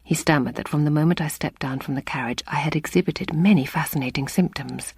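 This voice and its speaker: Hushed, breathy woman reading a story. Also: deep voice, brisk. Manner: hushed, half-whispered delivery. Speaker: audiobook reader. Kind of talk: dramatic first-person story reading.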